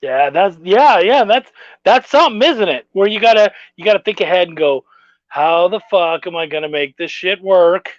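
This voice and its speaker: A middle-aged man hosting a podcast, telling stories in a profane, animated casual chat. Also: high-pitched, moderate pace, no room sound. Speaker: podcast host. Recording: dull dry lo-fi sound.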